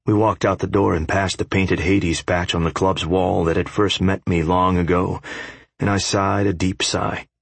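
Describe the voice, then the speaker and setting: Gravelly, very deep male narrator. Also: no room sound. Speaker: audiobook narrator. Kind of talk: first-person romance audiobook narration.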